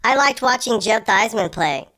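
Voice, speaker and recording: A chirpy talking map from a comedy cartoon, perky and a bit of a know-it-all, voiced by a man. The voice sits well above a normal speaking pitch. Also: expressive, moderate pace, bright, forceful tone.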